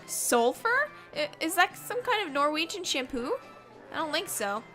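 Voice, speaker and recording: Excitable teenage schoolgirls, put on by a woman gush in very high, bright voices. The lines come from game dialogue. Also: moderate pace, soft background music, exaggerated voice. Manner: gushing, excitable.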